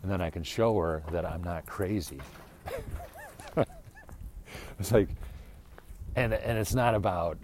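A lower-voiced man talks off the cuff on his podcast, swinging his pitch up and down as he gets worked up. He keeps restarting his sentences and tossing in asides, with a faint hiss of noise under the voice. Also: takes it slowly, long pauses. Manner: animated, exasperated, full of restarts and asides. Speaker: podcast host. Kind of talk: casual rambling monologue.

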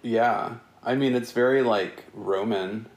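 A man hosting a podcast, chatting casually and teasing his guest with crude jokes. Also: medium pitch. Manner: joking, teasing, quick to crude punchlines. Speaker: podcast host. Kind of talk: casual crude comedic chat. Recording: roomy echo.

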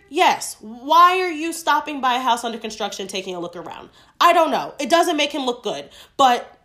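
A woman with a fairly high voice delivers solo podcast commentary. She talks in an emphatic, outspoken way and swears freely, leaning hard on key words. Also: fairly bright tone. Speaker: podcast host.

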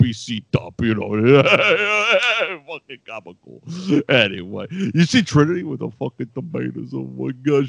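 A man putting on a gruff, foul-mouthed tough-guy wrestler who rambles and swears constantly. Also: mid-range voice, dry recording.

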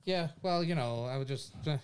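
A man in casual podcast chat who drops dry, deadpan one-liners. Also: on the high side, moderate pace, clear, resonant tone. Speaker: podcast co-host.

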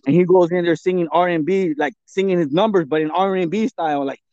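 A man's voice: high voice, fast talker, darkish tone, dry recording. A man co-hosting a podcast, chatting casually and profanely, laughing a lot and slipping into Spanish. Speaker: podcast co-host. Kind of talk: casual chat. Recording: dull, dry lo-fi recording.

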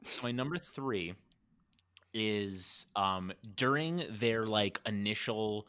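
A man's voice: on the low side, takes it slowly, bright, forceful tone, clean tone, no room sound. A man co-hosting a podcast, chatting casually and enthusiastically retelling movie scenes. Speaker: podcast co-host. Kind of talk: casual chat.

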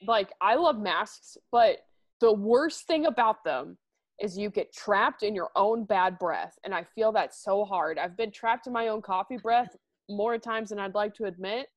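A woman in her twenties in casual chat with a friend, relaxed and swearing casually. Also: mid-range voice, unhurried.

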